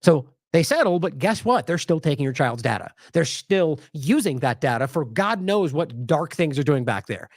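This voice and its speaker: A man's voice: on the high side, expressive, normal speed, hardly any pauses, no echo, studio quality. A man hosting an independent news show, commenting indignantly on clips with sarcastic asides.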